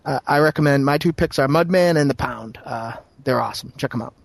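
Blunt male co-host, fast-talking and gravelly. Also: mid-range voice, no echo. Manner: blunt, profane. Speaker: podcast co-host. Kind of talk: casual chat.

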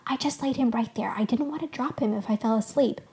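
Woman doing a sheepish young husband, pleading, gentle, storybook. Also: a little high, quick pace, close to an everyday voice.

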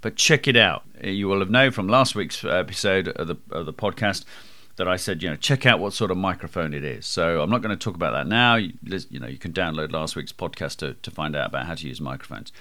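A man with a booming, projecting voice coaches listeners on presenting. His pitch sits a little low but swings widely, and his tone is bright and forceful. He leans on key words and drops into slow, deliberate phrases. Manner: lively, emphatic, varies pace and loudness for effect. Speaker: podcast host. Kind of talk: presentation skills advice podcast.

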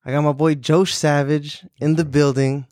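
Upbeat slangy podcast host, dry sound. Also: male voice, a little high, moderate pace, no room sound. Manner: excited, slangy, profane. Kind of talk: casual chat. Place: room in his home.

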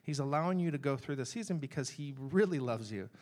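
A man's voice: medium pitch, expressive, quick pace, darkish tone. A man preaching a sermon in a conversational, earnest way, with frequent restarts and asides to the congregation. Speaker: pastor.

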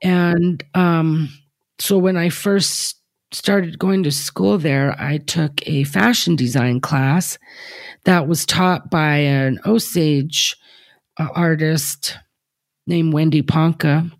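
Brief: woman in her fifties, fairly low voice, reflective guest who wanders through her thoughts with lots of fillers. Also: steady tone, slow pace, no echo, clean studio sound. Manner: thoughtful, rambling with frequent fillers. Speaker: artist guest. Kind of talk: reflective interview talk.

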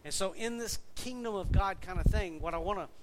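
A Southern pastor from the American South preaches a sermon in a relaxed, folksy style, chatting with and quizzing his congregation. His accented voice sits a little higher than most men's, his pace is brisk, and the background is noisy.

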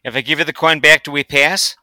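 A man playing a bold human warrior who speaks in an earnest, measured, firm way. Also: on the high side, fairly even intonation, sharp tone. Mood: cautious.

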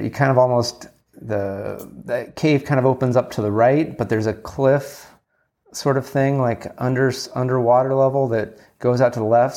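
A man's voice: medium pitch, a little mellow. A man telling a rambling, candid story in a casual monologue, acting out bits of dialogue and swearing freely.

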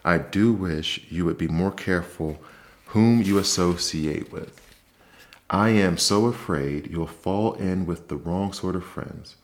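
A man voicing an anxious, fussing mother mouse in a soft-spoken ASMR bedtime story reading, with a fretful, pleading manner. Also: low voice, slow pace. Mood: scolding.

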